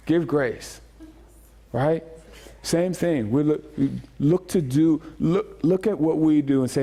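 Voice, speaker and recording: A man preaching a sermon as pastor, joking and animated, repeating phrases as he speaks to the congregation. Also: a little high, takes it slowly. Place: church sanctuary.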